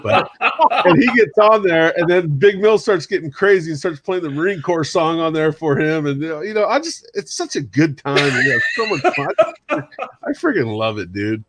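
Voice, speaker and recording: Forties man, animated and lively, acts out others' lines mid-story; casual hangout chat. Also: fairly high pitch, normal speed. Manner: animated storyteller who mimics others, laughs often.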